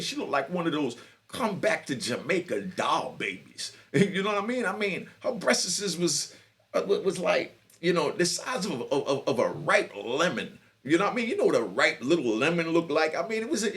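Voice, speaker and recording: A man's voice: a little high, a bit bright. A man from New York telling a boastful, bawdy street story in a casual monologue, laughing often, stumbling over restarts and asking "you know what I mean.". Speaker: storyteller, channel host.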